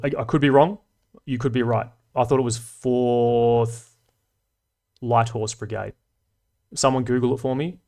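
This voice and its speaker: A man's voice: medium pitch, gravelly, darkish tone. A man in his thirties with an Australian accent, hosting a casual livestream chat in a laid-back, slangy way with frequent swearing. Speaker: livestream host.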